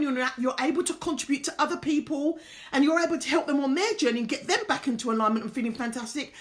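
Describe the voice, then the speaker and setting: A woman hosting a live-streamed show, telling stories full of quoted dialogue in an excitable, animated way. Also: sits high. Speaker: show host. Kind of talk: casual storytelling to a live-stream audience.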